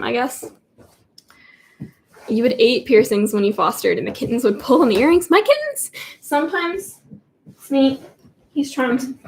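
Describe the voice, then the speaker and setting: A woman's voice: on the high side, slight background noise. A teenage girl rambling in a giggly, chatty way while answering viewer questions on a casual livestream. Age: teens. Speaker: livestream host. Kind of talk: casual live Q&A chat.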